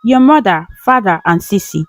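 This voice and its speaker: A woman's voice: mid-range voice, lively intonation, normal speed, dry recording, soft background music, close to an everyday voice. A woman voicing a polite, deferential housemaid in a storybook reading. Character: polite quiet female maid.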